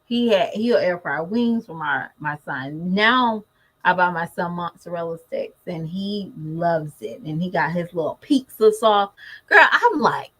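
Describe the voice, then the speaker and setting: Woman chatting to her viewers on a vlog, animated and chatty, casual mom talk. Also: fairly low pitch, measured pace, poor audio. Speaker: mother vlogger. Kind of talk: casual chat to camera.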